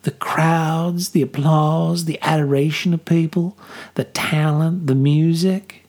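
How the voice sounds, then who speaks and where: A man voicing a graceful young female circus performer with a light Southern US accent, soft and gently teasing, in a storybook reading. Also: a little high, fairly even intonation, slow pace, pitched above the performer's own voice. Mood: gracious.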